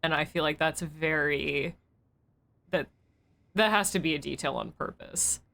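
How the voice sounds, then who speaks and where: A woman streamer talks into a desk mic from her home setup, thinking aloud about a game scene. Her speech wanders and restarts, full of fillers and small pauses, with an emotional undertone. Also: low voice, vocal fry, a bit bright. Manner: rambling and reflective, many fillers and restarts. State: emotional and weepy. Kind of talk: live-stream gameplay commentary.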